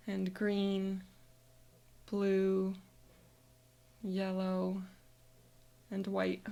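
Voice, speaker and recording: A woman's voice: mid-range voice, creaky, darkish tone. A woman coach narrating a guided visualization as an upbeat present-tense memory.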